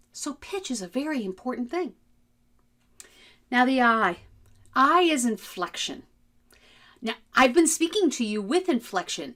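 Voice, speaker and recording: Lively woman teaching voice skills. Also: high voice. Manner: lively, melodic, demonstrates voices. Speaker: communication trainer. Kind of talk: instructional video talk.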